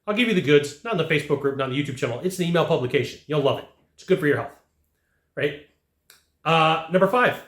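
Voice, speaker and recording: A man's voice: a little high, expressive, quick pace, fairly bright tone. A man teaching a sales lesson straight to camera, emphatic and repeating phrases to hammer points home. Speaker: sales trainer. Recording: echoey room.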